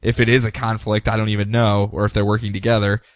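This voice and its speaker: A man's voice: on the low side, little pitch movement, fast, no room sound, studio quality. A man hosting a casual comic-book podcast, easygoing and laughing often. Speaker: podcast host.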